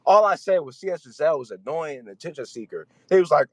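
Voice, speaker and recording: A man calling in to a live chat show, defensive and fast, speaking casual slang and repeating himself. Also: fairly high pitch, very animated, no room sound. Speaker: caller.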